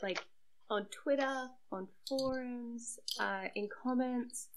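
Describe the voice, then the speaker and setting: A woman's voice: a little high, slow, background noise. Chatty, self-deprecating young woman. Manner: chatty and self-deprecating, many fillers and laughs. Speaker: webcomic creator and site regular. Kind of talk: casual podcast chat.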